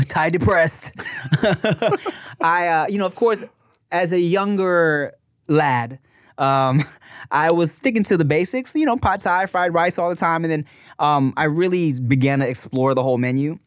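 A man's voice: a little high, moderate pace, dry recording, studio quality. A male podcast co-host in casual chat, rambling with lots of fillers and giggles.

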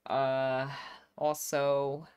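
A woman's voice: rumbling low, flat delivery, drawn-out words, a little mellow, clear, resonant tone. A woman streaming a life-sim game, chatting casually, reading chat aloud and laughing often.

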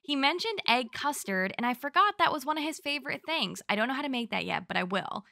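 Bright, chatty young woman gamer. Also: high-pitched, quick pace, gravelly. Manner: chatty, gushing, animated storytelling. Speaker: gaming YouTuber. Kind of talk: narrated gameplay recap.

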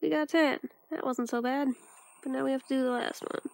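High, gravelly woman playing a game. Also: fairly even intonation, fairly quick, darkish tone. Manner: sarcastic, grumbling asides to the game. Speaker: let's play host. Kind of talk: casual game commentary.

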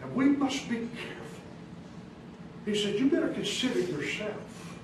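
American man preaching, high lively voice, slow delivery, distant echoey church recording with background noise. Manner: emphatic preaching, rising to high-pitched questions then dropping soft. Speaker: pastor. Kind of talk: sermon. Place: church sanctuary.

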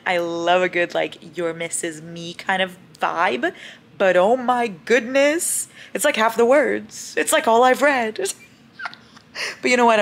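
A woman's voice: fairly low pitch, fairly bright tone, a little hiss or hum. A young woman vlogging at home at night, chatting in a gushing, playful way about books. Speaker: book vlogger. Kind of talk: casual reading vlog chat.

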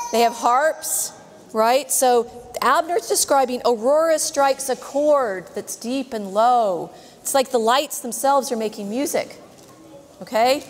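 A woman reading a picture book aloud to children in a large church, lively, pausing to ask them questions. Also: fairly high pitch. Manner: lively, asks questions, says "right?" often. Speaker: reader to children. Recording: long church reverb.

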